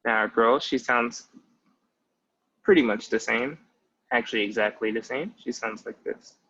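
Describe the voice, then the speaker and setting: This muffled, lo-fi clip has a language tutor in his twenties teaching a casual spoken lesson. His mid-range voice is unhurried and a bit bright with a breathy edge, and he walks through each step, frequently starting with "so" and "basically."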